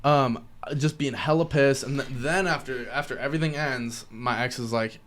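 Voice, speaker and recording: A young man, a podcast guest, telling a personal story in a casual, profane, slangy way, animated and acting out other people's voices. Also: mid-range voice, normal speed.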